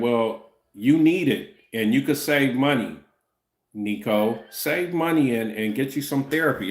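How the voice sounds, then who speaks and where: A man in his fifties hosts a laid-back livestream and answers the chat as he goes. His voice sits at an ordinary middle pitch, and he often stumbles and restarts. The sound is echoey, as if the room around him bounces it back. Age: 50s. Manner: loose, repeats "you know what I'm saying", stumbles and restarts.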